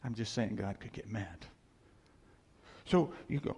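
A man preaching an animated sermon as a pastor, chuckling often and acting out voices. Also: medium pitch, takes it slowly, long pauses, long reverb tail.

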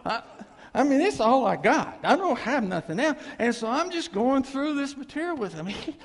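High, lively man preaching in a reverberant hall. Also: normal speed. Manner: animated, folksy storyteller. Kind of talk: sermon storytelling. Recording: long reverb of a large hall.

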